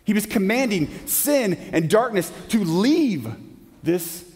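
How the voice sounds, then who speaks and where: Emphatic preacher in a reverberant church. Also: male voice, high voice, lively intonation, takes it slowly. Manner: emphatic, with rhetorical questions and sudden drops to a hush. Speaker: pastor. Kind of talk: sermon. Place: church sanctuary. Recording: long hall reverb.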